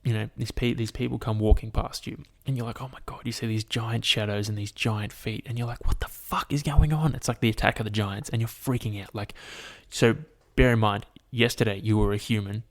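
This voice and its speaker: A man's voice: fairly low pitch, a little fast, hardly any pauses. A man hosting a solo podcast, ranting and telling stories with heavy swearing and constant "like" fillers. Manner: animated storytelling to the listener. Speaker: podcast host.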